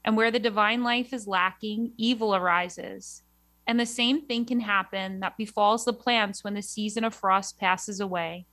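A woman from New York, a religious sister, chatting with a laugh and then reading aloud in a measured devotional way. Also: mid-range voice, steady tone, fairly bright tone, no room sound.

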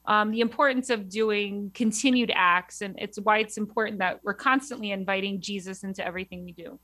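A woman from New York, a religious sister, chatting with a laugh and then reading aloud in a measured devotional way. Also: mid-range voice, steady tone, bright, forceful tone, no room sound.

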